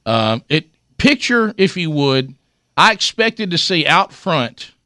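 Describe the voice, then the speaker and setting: Bright-voiced man telling a comic story. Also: on the high side, takes it slowly, no echo, clean studio sound. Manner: animated, self-mocking, acts out quotes. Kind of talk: comic storytelling on talk radio.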